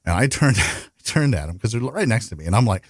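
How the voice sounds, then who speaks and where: A man's voice: lowish voice, very animated, fairly quick, dry recording, clean studio sound. A man ranting and telling profane stories as a guest in casual podcast banter.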